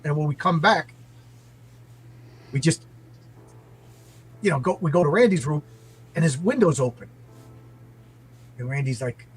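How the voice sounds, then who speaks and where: Middle-aged New York man, slightly high voice, rambling casual storyteller. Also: a little slow, long pauses, soft background music, low-quality recording. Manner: rambling, full of "like" and restarts.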